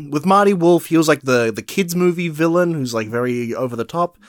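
A man's voice: on the high side, expressive, no room sound, clean studio sound. A man co-hosting a podcast in casual film chat, weighing his words with many fillers. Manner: measured, hedging, many fillers. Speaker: podcast co-host.

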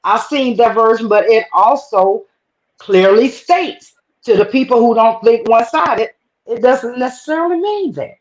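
A woman co-hosting a podcast in casual chat, calmly explaining her view at length. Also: fairly high pitch, normal speed. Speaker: podcast co-host. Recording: dull lo-fi sound.

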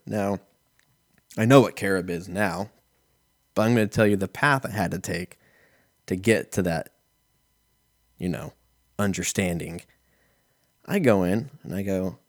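His voice sits low as this podcast host in his thirties rambles through profane, self-deprecating comic tales, speaking at a normal speed and pausing often. The sound is clean studio audio with no room sound.

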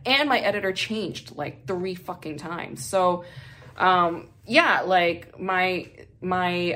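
A woman's voice: on the low side, fairly bright tone, a little hiss or hum. A woman hosting a podcast who chats casually and candidly, swearing freely and laughing often; English is her second language. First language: not English. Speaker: podcast host.

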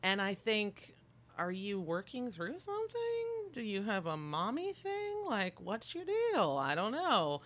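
A woman in casual chat about a film, animated and playful and swearing freely. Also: mid-range voice, measured pace. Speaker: podcast co-host.

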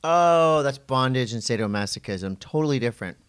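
A man's voice: medium pitch, lively intonation, brisk, clean tone. A man co-hosting a podcast, teasing and joking in off-the-cuff banter. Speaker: podcast co-host.

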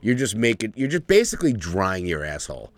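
A man's voice: fairly low pitch, very animated, brisk. A man co-hosting a podcast, joking crudely and laughing often in casual banter. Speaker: podcast co-host.

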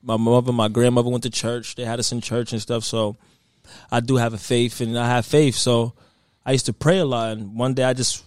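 A man's voice: mid-range voice, little pitch movement, brisk, smooth, no room sound, clean studio sound. A young man, a guest rapper, chatting casually on a podcast and telling his story with loose asides and frequent "you know what I mean.".

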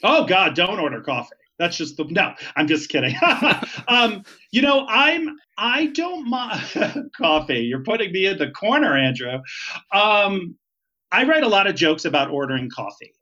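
A chatty, emphatic man speaks as a podcast guest. His voice is fairly high for a man. The recording is dull and lo-fi. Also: sing-song, moderate pace, bright, forceful tone. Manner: chatty and emphatic, laughs easily. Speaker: podcast guest, retired flight attendant. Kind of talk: casual interview. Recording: dull lo-fi sound.

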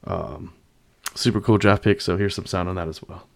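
A man's voice: sits low, big pitch swings, normal speed, gravelly. A man hosting a casual sports commentary, upbeat and loose with plenty of fillers. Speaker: podcast host.

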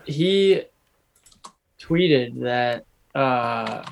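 A man's voice: medium pitch, extremely slow, gravelly, a little hiss or hum. A young man co-hosting a casual sports podcast, talking emphatically with frequent restarts. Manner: animated, restarts a lot, emphatic. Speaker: podcast co-host.

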